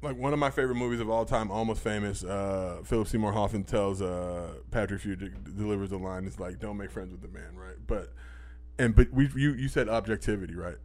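A man's voice: on the low side, a little fast, darkish tone. A young man talking as a podcast guest in casual chat, blunt and profane with lots of fillers.

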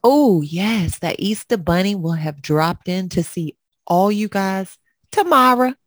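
Low-voiced sassy woman. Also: measured pace, no room sound, clean studio sound. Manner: sassy, profane, animated banter. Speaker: podcast co-host. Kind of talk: casual chat.

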